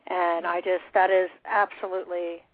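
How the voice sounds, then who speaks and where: A woman's voice: fairly low pitch, little pitch movement, moderate pace, no echo. A woman radio host and coach, talking enthusiastically and a little rambling with her guest. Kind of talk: radio interview. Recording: dry phone-like sound.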